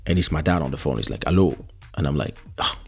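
A man hosting a podcast, telling a personal story in an animated way, with many restarts and acted quotes. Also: extremely low pitch, racing, gravelly, husky, faint music behind. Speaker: podcast host. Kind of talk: storytelling monologue.

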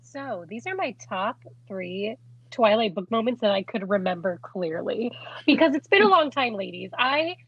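Bubbly high-voiced young woman, husky. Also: expressive, normal speed, a bit bright, lo-fi sound. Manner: bubbly, giggly, lots of "like". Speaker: podcast co-host. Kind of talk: casual chat.

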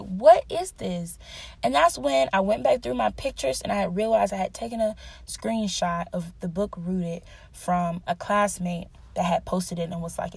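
A woman's voice: mid-range voice, vocal fry, dry recording. A young woman giving an earnest, conversational devotional teaching, telling personal stories and laughing at herself now and then. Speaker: Bible teacher.

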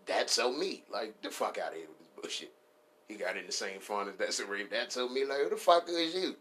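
Low-voiced, profane comedian riffing. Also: male voice, lively intonation, a little fast, fairly bright tone. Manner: profane, rambling, playful. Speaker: podcast host.

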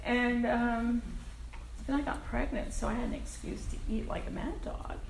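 An older woman with a fairly high voice tells her recovery story at a meeting, frank and plainspoken, with casual swearing and self-mocking laughs. Her voice rings around an echoey room with a faint ambience behind it. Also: steady tone, a little slow, gravelly, a little hiss or hum. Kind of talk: personal recovery share.

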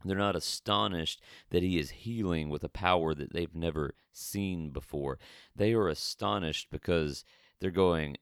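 Deep-voiced man teaching scripture. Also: a little slow, clear, resonant tone, no echo, clean studio sound. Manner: conversational, with frequent restarts and stammered repeats. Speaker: preacher. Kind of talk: sermon-style Bible teaching.

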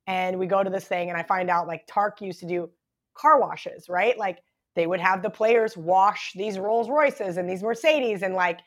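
A woman's voice: medium pitch, moderate pace. A woman in her thirties, a podcast guest, telling a long story in casual chat, full of "like" and "right?". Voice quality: chatty, lots of "like" and "right?".

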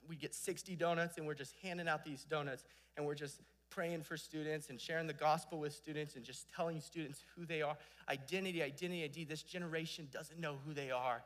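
A young man with a slightly high voice preaches a passionate sermon, swinging between loud exhortation and hushed storytelling.

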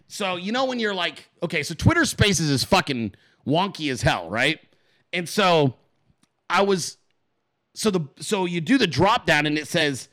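A man hosting a podcast in a casual, profane rant, acting out quick voices in his stories. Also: high voice, no room sound. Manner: animated, swears a lot, acts out voices in his stories. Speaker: podcast host.

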